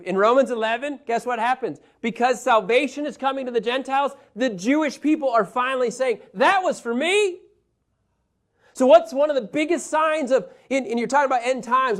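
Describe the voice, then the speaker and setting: A man delivers a Bible lesson in a preaching style, his voice sitting fairly high for a man. He tells stories with energy, pushing some lines out loudly and dropping others to near asides. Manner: animated storyteller, shifts between loud emphasis and quiet asides. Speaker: Bible teacher.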